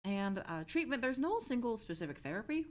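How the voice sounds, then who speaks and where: A woman's voice: fairly high pitch, big pitch swings, brisk. A young woman streaming a study session, reading her notes aloud with many fillers and self-corrections, then breaking off to joke with her chat. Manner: breaks off to react playfully to chat.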